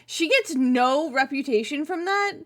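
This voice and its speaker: A woman's voice: high voice, animated, unhurried, a bit bright. A woman playing in a tabletop game, blunt and teasing in casual chat. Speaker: player.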